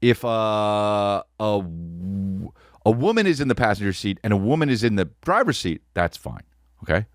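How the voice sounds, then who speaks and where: A man hosting a podcast, telling a comedic story in an animated, profane way, close to the mic. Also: fairly low pitch, moderate pace, dry recording. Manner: animated, profane, peppered with "dude". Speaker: podcast host.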